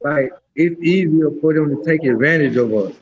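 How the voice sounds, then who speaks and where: A man talking as a guest by phone, halting and rambling with many fillers. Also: a little high, husky. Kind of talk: casual talk on a phone line. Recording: dull lo-fi phone call.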